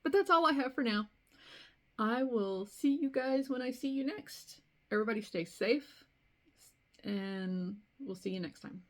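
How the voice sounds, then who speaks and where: A middle-aged woman hosting a crafting video, chatting casually to the camera and telling stories with animated, laughing delivery. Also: on the high side, unhurried.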